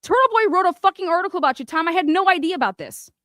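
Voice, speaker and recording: A woman's voice: extremely high pitch, animated, very fast, pushed and bright, dry recording, studio quality. A woman giving angry, profane commentary on a court case, firing rhetorical questions straight at the people she talks about. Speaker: commentary host.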